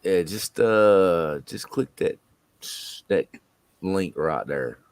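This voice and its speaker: Deep-voiced, slow-talking laid-back man. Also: expressive, no echo. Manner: laid-back, laughs often. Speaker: stream host. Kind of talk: casual chat.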